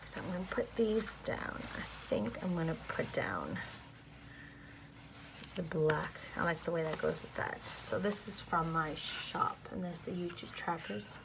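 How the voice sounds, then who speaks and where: This planner vlogger, a woman in her thirties, talks through a relaxed plan-with-me video at home in a soft, frequently half-whispered voice, flustered and self-deprecating whenever she slips up. Her voice is lowish and expressive with vocal fry, delivered at a measured pace. The home recording is noisy.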